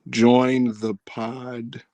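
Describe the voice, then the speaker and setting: A man's voice: mid-range voice, level tone, extremely slow, mellow, dry recording. A man co-hosting a wrestling review podcast in loose, slangy banter, laughing often. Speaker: podcast co-host. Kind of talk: casual wrestling review chat.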